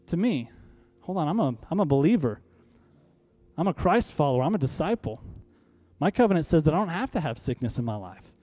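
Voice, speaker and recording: High-voiced preaching man, emphatic. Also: sing-song, a little fast, mellow, faint music behind. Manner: emphatic, rhetorical questions, leads congregation to repeat lines; uses props on stage while preaching. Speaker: pastor. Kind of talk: sermon.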